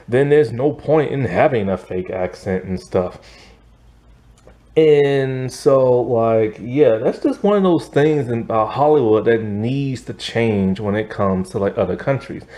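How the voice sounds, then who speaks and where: Man, mid-pitch, chatty movie reviewer, loose and rambling, voice often jumps up with excitement. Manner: rambling, heavy use of "like" and "you know". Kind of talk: casual spoken movie review.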